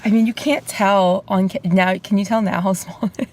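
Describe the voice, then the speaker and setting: Lady in her car eating fast food and just chatting to the camera, easygoing. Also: medium pitch, steady tone, a little mellow. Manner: talks to camera between bites, chatty and unhurried. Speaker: mukbang video creator. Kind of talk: casual eating vlog. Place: parked car.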